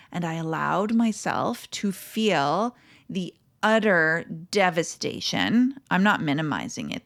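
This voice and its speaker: A middle-aged woman coach in a reflective monologue, tearful and crying, emotional and halting, with sighs and soft breathy asides. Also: lowish voice. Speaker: podcast host and coach.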